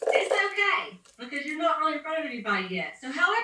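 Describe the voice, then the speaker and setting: A woman leads a motivational training call in an upbeat, preachy, rambling way. Her voice is bright and sits somewhat high. It sounds echoey and set back from the mic. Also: big pitch swings, quick pace. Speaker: sales team leader. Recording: echoey room, distant from the mic.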